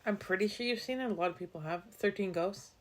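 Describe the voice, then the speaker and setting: A young woman co-hosting a podcast, chatting casually and teasing her co-host in quick banter. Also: medium pitch. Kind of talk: casual chat.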